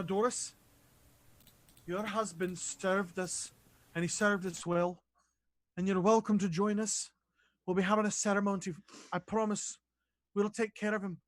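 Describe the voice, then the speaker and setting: A man voicing a composed queen who speaks in formal, measured sentences. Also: high voice, steady tone, no echo. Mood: solemn. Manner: measured, stately speech.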